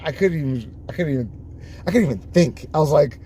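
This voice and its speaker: A man chatting casually on a live stream, telling stories in an animated way, laughing often and acting out the lines people said to him. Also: on the high side, normal speed, husky.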